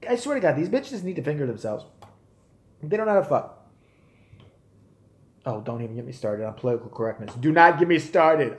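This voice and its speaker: A man in his forties ranting on a live stream, profane and animated. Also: fairly high pitch, echoey room. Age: 40s. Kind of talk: casual rant.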